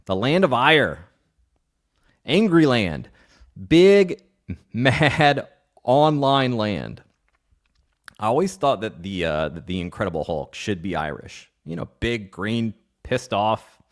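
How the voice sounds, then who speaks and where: A man's voice: fairly low pitch, very animated, unhurried. A man hosting a podcast, talking in a casual, joking way with rambling asides and playful rants. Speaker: podcast host.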